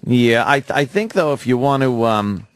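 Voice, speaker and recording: A man's voice: medium pitch, animated, moderate pace, smooth. A man co-hosting a radio show in a studio, bantering loosely with profane reactions.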